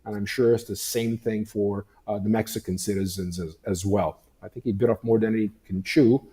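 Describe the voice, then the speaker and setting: Man, mellow dark voice, heated, emphatic, halting with fillers. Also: fairly low pitch, steady tone. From Canada. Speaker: guest commentator. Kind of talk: opinionated talk show discussion.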